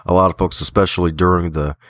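A man's voice: low-pitched, steady tone, fast talker, fairly bright tone, no room sound, studio quality. A man from Baltimore with a slight Southern twang, a guest in an interview, talking in an upbeat, folksy way and laughing often. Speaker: guest author and podcaster. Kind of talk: casual interview talk.

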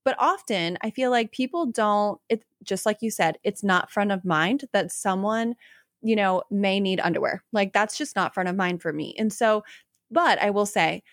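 A woman's voice: medium pitch, moderate pace, no room sound. Chatty woman host, dry sound. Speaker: podcast host. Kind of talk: casual interview chat.

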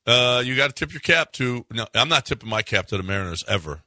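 Bright, dry-voiced male radio host. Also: medium pitch, expressive, fast talker, dry recording. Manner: heated, emphatic, repeats himself. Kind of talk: sports radio talk.

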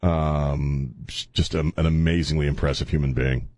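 A man's voice: very deep voice, steady tone, moderate pace, a little mellow. A man hosting a call-in radio talk show, loose and jokey, laughing often as he talks. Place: radio studio.

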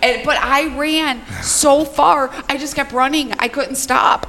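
A middle-aged woman telling a story in casual podcast chat, animated and profane. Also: sits high, a little slow. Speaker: podcast guest.

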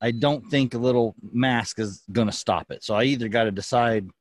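A man hosts a podcast, rambling through his thoughts, restarting his sentences and breaking into laughs. He is recorded close and dry, with no room sound. His pitch is middling for a man. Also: a little fast, dry recording. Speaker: podcast host. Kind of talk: casual chat.

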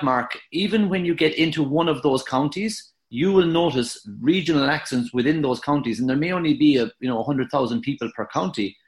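Halting Irish man, podcast guest. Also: medium pitch. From Ireland. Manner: halting, with many restarts and fillers. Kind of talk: casual interview chat.

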